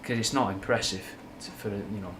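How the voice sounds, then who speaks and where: A young man from Manchester, Mancunian with a slight Scouse lilt, chats casually on a livestream, answering viewers frankly and at length with slang and curses. His voice is fairly low yet a bit bright, moderately paced, with slight background noise.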